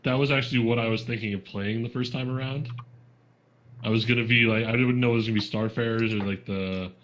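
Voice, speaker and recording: A man's voice: medium pitch, fairly even intonation, quick pace, fairly bright tone, slight background noise, low-quality recording. A man playing a tabletop game in casual chat, rambling with many fillers and restarts. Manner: rambling, full of likes and restarts.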